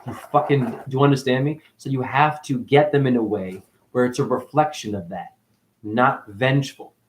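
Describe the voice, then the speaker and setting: A man talking straight to his live chat in a rambling spiritual rant. His voice sits at a middle pitch, but it leaps up into loud bursts and drops to low mutters, with plenty of swearing. It sounds like a home webcam or phone mic. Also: moderate pace, slight background noise. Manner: profane, swings between loud high outbursts and low mutters. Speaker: livestreamer.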